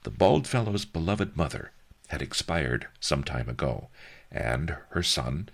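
Deep, gravelly, slow male narrator. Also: very animated. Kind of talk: audiobook narration.

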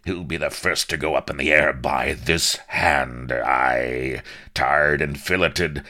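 A man's voice: very deep voice, takes it slowly, pushed and bright, exaggerated voice. A man voicing a blustering, furious old naval admiral who bellows archaic oaths and curses. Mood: apoplectic.

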